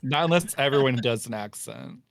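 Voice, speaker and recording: A man's voice: mid-range voice, animated, fairly quick, gravelly, background noise. A man chatting while playing a game with friends, blunt and teasing. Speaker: streamer. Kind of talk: casual gaming stream chat. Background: game music.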